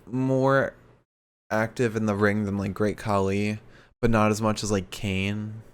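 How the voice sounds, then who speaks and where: A man's voice: fairly low pitch, flat delivery, measured pace, clear, resonant tone. A man co-hosting a podcast in loose, laughing chat, saying "like" often and swearing casually. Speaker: podcast co-host.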